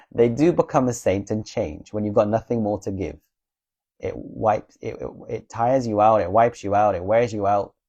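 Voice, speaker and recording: A man with a lowish, mellow voice talks straight to his viewers about spiritual healing. He is earnest and reassuring, often checks in with them, and drops a blunt curse without fuss. The sound is dry and close. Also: no echo. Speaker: spiritual advice creator. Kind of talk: casual spiritual talk to viewers.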